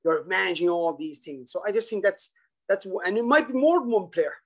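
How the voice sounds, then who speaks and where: A man presenting a coaching webinar over a video call, animated and acting out a worried coach's thoughts. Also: sits high, fairly quick, rough recording. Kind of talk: casual webinar talk.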